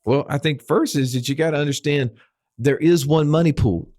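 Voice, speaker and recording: A man's voice: fairly high pitch, normal speed, darkish tone, no room sound, studio quality. A man hosting a finance podcast, explaining ideas through rhetorical questions. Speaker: podcast host. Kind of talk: casual finance podcast chat.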